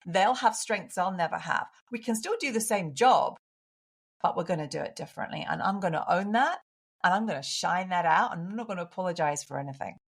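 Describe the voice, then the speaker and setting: A woman's voice: lowish voice, animated, fairly quick, husky. A woman with a British accent, a guest on a podcast, talking earnestly and with emphasis in a casual interview. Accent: British English. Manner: earnest, emphatic, laughs easily. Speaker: podcast guest, coach for women.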